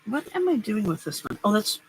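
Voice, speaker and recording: A woman's voice: medium pitch, very animated, brisk, slight background noise, low-quality recording. A middle-aged woman hosting a casual live stream, chatting and rambling as she crafts and answers viewers' comments. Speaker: livestream host.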